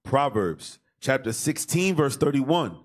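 A man reading scripture aloud in a steady, plain manner. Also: medium pitch, takes it slowly. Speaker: scripture reader.

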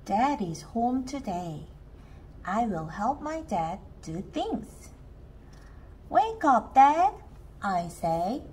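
A woman reading a children's book aloud, slowly and carefully, with lots of expression. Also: medium pitch, expressive, a little mellow, a little hiss or hum. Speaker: storybook reader.

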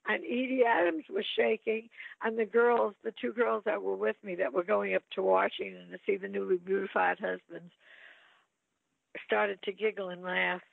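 A woman's voice: medium pitch, steady tone, moderate pace, gravelly, husky, dry recording. An older woman, an actress, telling playful anecdotes in an interview. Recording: phone-like line, dry.

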